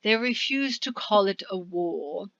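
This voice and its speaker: Scornful, tipsy sorceress read by a woman in slow, bright, courtly tones; dull recording. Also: mid-range voice, animated, creaky, no room sound. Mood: haughty.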